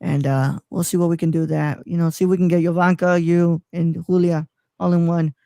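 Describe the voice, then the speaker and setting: A man's voice: a little high, little pitch movement, brisk, creaky, mellow, clear, resonant tone, dry recording. A man co-hosting a live stream, chatting casually and rambling with lots of fillers. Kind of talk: casual chat.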